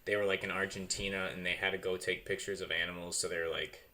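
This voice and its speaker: Young male podcast host, deep and bright, playful and animated. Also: quick pace. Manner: joking, animated, laughs often. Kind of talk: casual chat.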